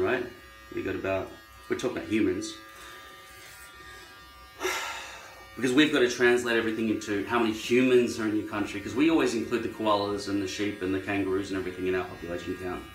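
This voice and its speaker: An Australian man rambling wryly to camera in a casual vlog, musing aloud as he trims his hair. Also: on the low side. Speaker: vlogger. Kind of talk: casual monologue while trimming hair. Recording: echoey room, faint music. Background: electric trimmer buzzing.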